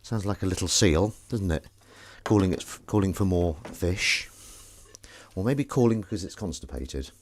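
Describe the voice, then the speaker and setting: A man's voice: sits low, animated, moderate pace, noisy background. Jokey rambling man washing up. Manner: rambling, jokey, self-mocking, swears. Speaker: host doing the washing up on a live stream. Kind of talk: casual chat while washing up.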